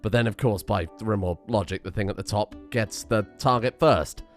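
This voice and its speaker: A man's voice: lowish voice, moderate pace, faint music behind. A man doing video game commentary, rambling and exasperated, talking nonstop. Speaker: let's play host.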